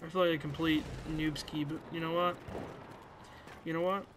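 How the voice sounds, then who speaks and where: A man's voice: a little high, little pitch movement, moderate pace. Hyped, swearing young man gaming. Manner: hyped, swearing, self-mocking banter. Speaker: gaming YouTuber. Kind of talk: live gameplay commentary. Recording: gunfire noise behind. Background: game gunfire and explosions.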